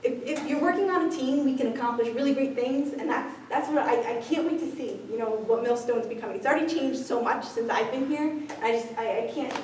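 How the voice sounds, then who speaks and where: An upbeat, chatty woman presents on gifted education in a high voice. She sounds distant in a very echoey room with background noise. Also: a little fast, few pauses, a little mellow. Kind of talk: presentation to teachers.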